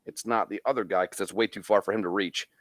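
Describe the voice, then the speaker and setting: A man's voice: fairly low pitch, fast talker, dry recording, studio quality. A man, co-hosting a podcast and telling stories in casual banter, swearing freely. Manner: swearing, storytelling, animated. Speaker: podcast co-host.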